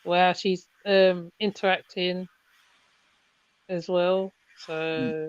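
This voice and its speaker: A woman joining a casual group chat as a mother, halting and often repeating herself. Her voice comes through muffled and lo-fi, with no room echo at all. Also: lowish voice, little pitch movement, clear, resonant tone. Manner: hesitant, repeats words, many fillers. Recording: dull, dry lo-fi audio.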